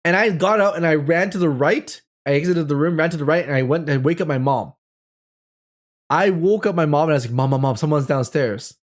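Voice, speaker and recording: A man in his thirties telling a personal ghost story as host, animated and full of fillers. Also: a little high, fairly quick. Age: 30s.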